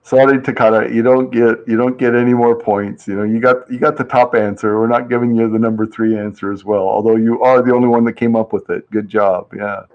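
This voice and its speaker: A man's voice: mid-range voice, flat delivery, fairly quick, few pauses, highs cut off. A man hosting a casual live-stream survey game, chatty and reading viewers' answers aloud with easy laughs. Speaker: livestream host running a survey game.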